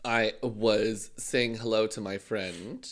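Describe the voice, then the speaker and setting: A man's voice: steady tone, slow. A young man co-hosting a podcast in casual chat, telling stories with dry, teasing humor. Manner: dry teasing humor, mocking quotes in a high voice. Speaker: podcast co-host.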